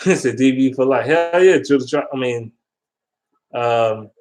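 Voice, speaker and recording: A man ranting casually and profanely about football, animated and blunt, as a vlogger. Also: mid-range voice, unhurried. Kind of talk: casual sports rant. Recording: roomy echo.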